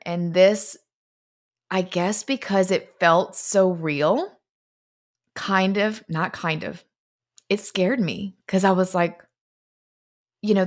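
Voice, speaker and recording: A young woman, founder of a fitness company, telling her personal story in an earnest, confessional way, slowing down on emotional points. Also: lowish voice.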